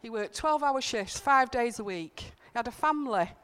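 Earnest woman preaching with a smooth voice. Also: on the high side, lively intonation, normal speed, fairly bright tone. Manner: earnest, conversational, emphatic repetitions. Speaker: church speaker. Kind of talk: informal sermon with personal stories. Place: church.

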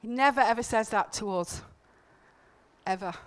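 A woman's voice: fairly high pitch, normal speed, clear, resonant tone. A woman giving an informal, earnest sermon in church, telling personal stories and repeating key points for emphasis. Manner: earnest, conversational, emphatic repetitions. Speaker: church speaker.

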